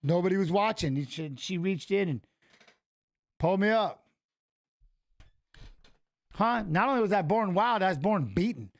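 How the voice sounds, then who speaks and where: A man with a fairly high voice hosts a fight watch-along. He mixes casual call-outs of the action with blunt, profane stories from his own life. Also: lively intonation, measured pace, long pauses. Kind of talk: casual live fight commentary and storytelling.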